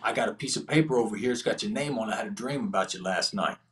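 A man's voice: on the low side, very fast, fairly bright tone. A man, a podcast guest telling an earnest testimony story in casual, slangy speech. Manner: earnest, slangy prison storytelling with quoted dialogue.

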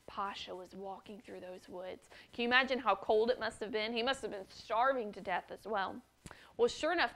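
A woman's voice: mid-range voice, a bit bright. A woman teaching children's church, telling a story and often addressing the boys and girls directly.

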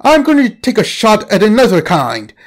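A man voicing an eager teenage boy adventurer who shouts excited warnings. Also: high-pitched, moderate pace, pitched above the performer's own voice. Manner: excited exclamations.

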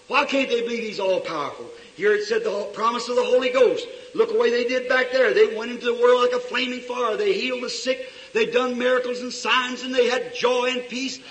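A male preacher delivering a fiery revival sermon in a church, swinging between shouts and low asides. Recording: echoey hall recorded from far off.

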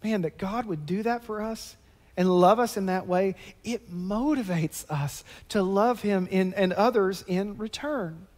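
A man with a drawl preaching from the pulpit, his voice pitched high for a man. He moves between easy, conversational explanation and fervent, emphatic bursts, and his words ring out through a church sanctuary with a long, echoing reverb. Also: unhurried, darkish tone. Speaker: pastor. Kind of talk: sermon.

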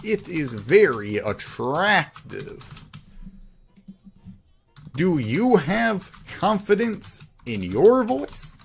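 A man's voice: on the high side, sing-song, very slow, gravelly, long pauses, soft background music. A man streaming a cartoon game, reading other players' chat aloud and answering it with mocking sarcasm. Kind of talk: live gameplay commentary.

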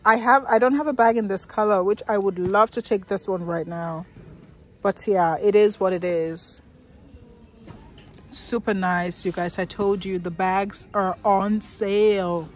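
Young woman, casual shopping vlog, chatty, slow delivery, frequent laughs. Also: medium pitch. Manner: chatty, excitable, laughs often. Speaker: vlogger. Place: shopping mall.

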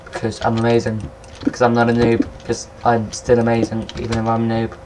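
Excitable rambling man gaming. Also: medium pitch, a little fast, noisy background. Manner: excitable, rambling, swears at monsters. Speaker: gameplay commentator. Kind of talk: casual let's-play commentary.

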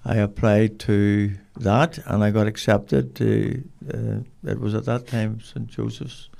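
An older man with a Northern Irish accent, telling rambling, animated stories as an interview guest. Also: fairly low pitch, slow, gravelly. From Northern Ireland. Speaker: guest, dog trainer. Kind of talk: casual storytelling.

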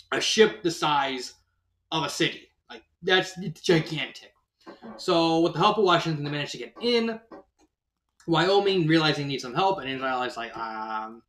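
A man's voice: on the high side, a bit bright. A man casually reviewing a fan story, rambling with many fillers and restarts. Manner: laughs at his own retelling. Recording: roomy echo.

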